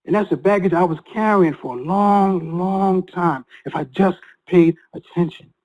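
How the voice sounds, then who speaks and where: An earnest male guest with a high, slightly mellow voice tells an emotional personal story, halting and restarting many times. The recording is low quality.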